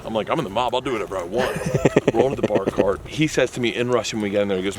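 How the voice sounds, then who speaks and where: Male storyteller, lively pitch, excitable and theatrical, city street noise behind. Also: quick pace. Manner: excitable, acts out voices, laughs a lot. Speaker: comedian guest. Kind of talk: animated storytelling.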